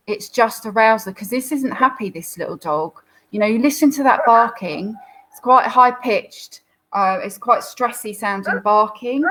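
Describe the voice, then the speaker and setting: A woman's voice: medium pitch, a bit bright, low-quality recording. A woman hosting a live Q&A, talking through viewer photos in a chatty, explanatory way with frequent fillers. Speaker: dog behaviourist host.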